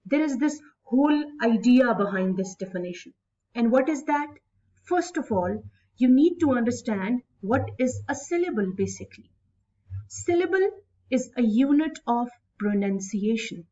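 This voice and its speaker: A woman English instructor with a Pakistani English accent giving a recorded lecture, speaking slowly and stretching words out syllable by syllable. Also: on the high side, mellow. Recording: distant mic, dull lo-fi sound.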